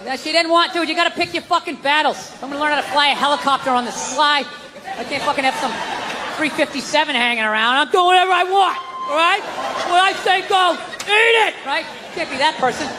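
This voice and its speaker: A middle-aged man doing a stand-up rant, profane and exasperated, often shouting. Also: extremely high pitch, background noise. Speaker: stand-up comedian. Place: large theater on stage. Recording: live show, roomy echo, loud crowd laughter. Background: audience laughter.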